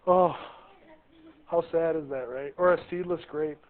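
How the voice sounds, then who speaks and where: A man's voice: on the high side, fairly even intonation, unhurried. A man teaching a biology class, chatty and jokey, often asking the students questions. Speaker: high school biology teacher. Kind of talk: classroom lecture. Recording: tinny lo-fi classroom recording.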